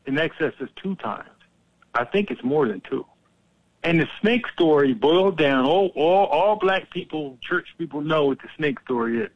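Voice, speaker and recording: A man hosting a political talk show, worked up and profane as he rants. His voice sits somewhat high. The sound is a little dull and lo-fi, dry and close. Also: no echo. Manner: profane, animated, fired-up storyteller.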